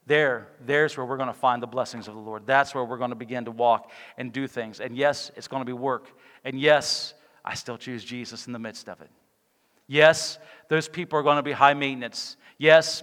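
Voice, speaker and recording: A male pastor preaching a sermon with passion, swinging between loud exclamations and hushed, quiet lines. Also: mid-range voice. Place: church sanctuary. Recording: long reverb of a church hall.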